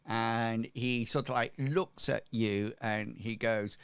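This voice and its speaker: A male game master narrates a tabletop scene slowly and hesitantly, often pausing on ums and restarting his sentences. His voice is somewhat low and smooth. The recording is dry, with no room sound. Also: steady tone, a bit bright, no room sound.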